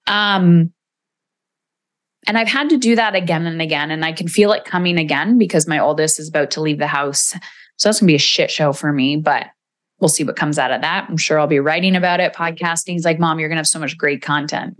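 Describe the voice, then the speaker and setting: A woman's voice: low voice, a little fast. A woman in her forties hosting a solo podcast, candid and emotional, swearing casually as she reflects. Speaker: podcast host.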